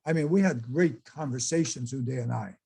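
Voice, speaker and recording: Chatty older man with gravelly voice. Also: medium pitch, fairly quick, warm tone. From United States. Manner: chatty, exclaiming, talks to audience. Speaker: presenter. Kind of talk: casual slideshow talk.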